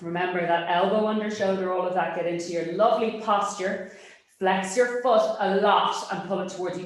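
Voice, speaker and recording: A woman instructor talks a class through a Pilates workout, her cues brisk and encouraging. She often checks in with a quick "yes?". The studio is very echoey. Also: lowish voice. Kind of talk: cueing an exercise class. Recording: very echoey room.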